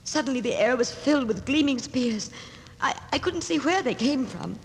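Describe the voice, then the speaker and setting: A woman's voice: high voice, expressive, normal speed. An actress playing a young woman, a doctor's daughter, in a 1940s radio drama, breathless and often half-whispering. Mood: shaken. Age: young adult. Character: young woman, doctor's daughter, newly engaged, easily frightened. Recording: old radio broadcast with hall reverb and faint hiss.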